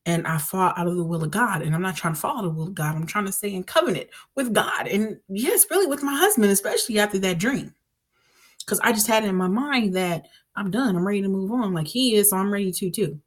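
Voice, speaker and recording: A woman's voice: mid-range voice, lively intonation, fast. A woman vlogger giving a casual personal faith testimony, earnest and rambling, with many fillers and restarts.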